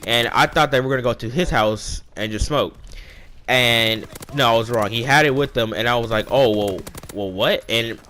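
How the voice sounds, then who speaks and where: A young man with a bright, forceful voice tells a personal story in a loose, casual way. He rambles and acts out the dialogue of the people in it. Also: medium pitch, brisk, slight background noise. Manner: rambling, animated retelling with quoted dialogue. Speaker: vlogger.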